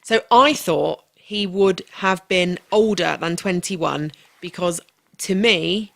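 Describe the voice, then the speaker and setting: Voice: mid-range voice, slow, gravelly, fairly bright tone, dry recording. A podcast co-host chatting casually and hesitantly. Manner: hesitant, reluctant. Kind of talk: casual chat.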